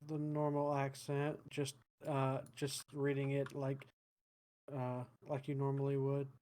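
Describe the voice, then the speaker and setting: A man co-hosting a casual podcast, speaking quietly and hesitantly. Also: medium pitch, monotone, a little slow. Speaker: podcast co-host.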